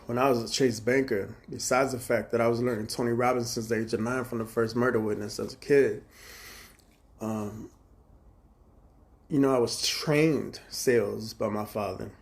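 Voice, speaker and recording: A man's voice: mid-range voice, steady tone, moderate pace. Profane rambling man in his forties. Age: 40s. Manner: profane, agitated storytelling with reenacted dialogue. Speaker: livestreamer. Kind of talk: rambling live-stream monologue.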